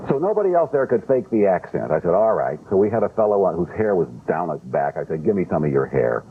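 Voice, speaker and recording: A deep-voiced man recounting his moviemaking days with dry, unapologetic humor, his pitch rising and falling a lot as he tells it. The sound is tinny and narrow with a faint hiss underneath. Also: very animated, brisk. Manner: wry, unapologetic storyteller. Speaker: film director guest. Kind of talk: interview chat.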